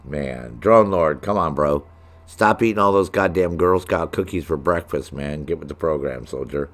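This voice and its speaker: A man's voice: rumbling low, normal speed. A middle-aged man streaming a video game, joking and swearing as he banters with his chat. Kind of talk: live gameplay commentary.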